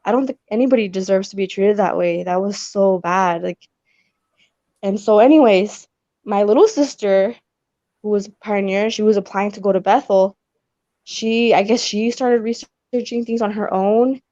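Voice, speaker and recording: A young woman telling her personal story on a video call, rambling with lots of "like" and quick apologies. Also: medium pitch, warm tone, dry recording, highs cut off. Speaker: guest sharing her story.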